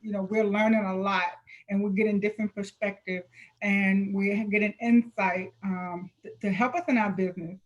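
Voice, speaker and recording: A woman hosts an online panel over a video call, affirming guests and steering the session in an organized, upbeat way. Her voice sits at an average pitch. The call audio is a little dull and muffled. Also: fairly even intonation, moderate pace. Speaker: host. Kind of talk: hosting an online panel webinar.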